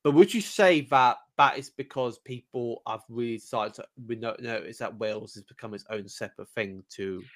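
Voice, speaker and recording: A man's voice: mid-range voice, moderate pace, few pauses. A man from England co-hosting a podcast in casual chat, hesitant with lots of ums and repeated words. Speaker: podcast co-host.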